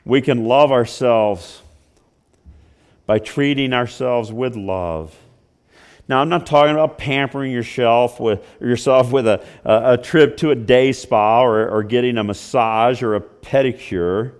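A man preaching a sermon, telling the story with conversational asides, swinging between loud and hushed passages. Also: mid-range voice, unhurried, clear, resonant tone. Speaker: pastor.

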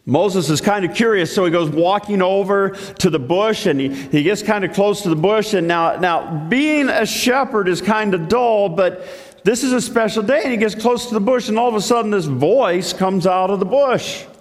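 A man preaching a sermon, telling a story in a lively way with many restarts. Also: sits high, normal speed, big-room sound. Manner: animated storytelling with repeated restarts.

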